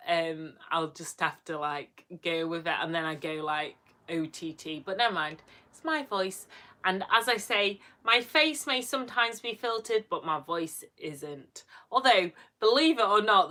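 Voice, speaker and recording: A woman from Yorkshire with a broad Yorkshire accent and a slightly gruff voice, chatting casually and bubbly with live viewers. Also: fairly low pitch, sharp tone. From Yorkshire, England. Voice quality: a bit gruff. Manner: chatty, bubbly, rambling with fillers. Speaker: vlogger livestreaming to viewers.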